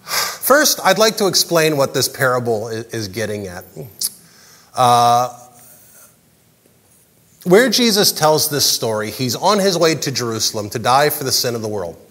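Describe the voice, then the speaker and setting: Male pastor, sermon, animated, jokey, swooping intonation, long hall reverb. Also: mid-range voice, measured pace, long pauses. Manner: animated, jokey, acts out characters' lines. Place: large church hall.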